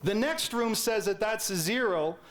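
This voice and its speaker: A man with a high, light voice and a Canadian accent gives a public lecture. He tells his story in a playful, animated way, puts questions to the audience and acts out the voices of his teachers. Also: moderate pace. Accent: Canadian English.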